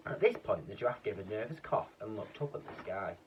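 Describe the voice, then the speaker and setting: A man reading a children's story aloud in a lively way, putting on voices for the characters. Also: fairly low pitch, brisk, distant mic, a little hiss or hum. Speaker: storybook reader. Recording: dull lo-fi sound from off the mic, faint ambience.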